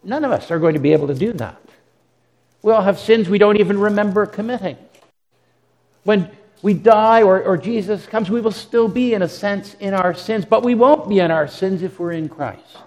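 This is a man preaching, a pastor whose high voice has a darkish tone and moves at a moderate pace. His delivery is earnest, with repeated words on restarts and dramatic quoted asides, all carried by long hall reverb.

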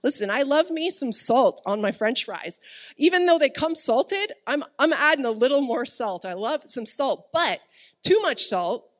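A woman preaching a streamed sermon with a somewhat high voice. She talks chattily to the congregation and the chat, breaking into laughter as she tells stories from home. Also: lively intonation, normal speed. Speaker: pastor. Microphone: streamed service, speaking to online chat.

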